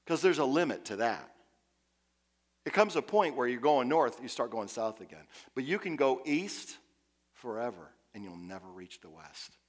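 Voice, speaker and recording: A man preaching a sermon as pastor, impassioned, swinging from hushed, quiet passages to loud, urgent ones. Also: medium pitch, very animated, normal speed.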